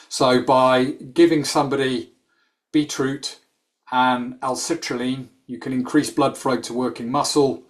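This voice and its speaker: Man, explanatory talk, rapid and animated, lots of fillers. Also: medium pitch. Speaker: sports medicine clinician.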